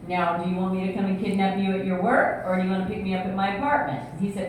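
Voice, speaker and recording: A woman's voice: medium pitch, fairly even intonation, very fast. Woman, church speaker, storytelling, laughing, acting out voices, distant mic, big echo, faint room hum. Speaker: speaker at a singles ministry event. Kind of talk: storytelling talk to an audience. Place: church hall with audience.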